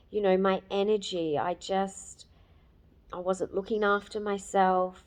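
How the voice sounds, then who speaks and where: A woman in her fifties giving a candid, emotional personal testimonial, with many fillers and pauses. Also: medium pitch. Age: 50s. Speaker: program client giving a testimonial.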